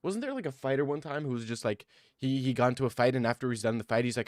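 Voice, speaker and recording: A man chatting casually about fights, thinking out loud as he goes and often breaking into excited rants. His voice sits in an ordinary middle register. The sound is close and dry, with no room echo. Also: mid-range voice, fast talker. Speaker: MMA commentator. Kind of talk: casual fight-card commentary.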